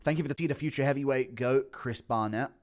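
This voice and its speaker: A man's voice: mid-range voice, fast talker. A man streaming live, chatting casually and laughing often as he reads out his chat on a streaming mic. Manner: laid-back, chuckling, reads chat aloud.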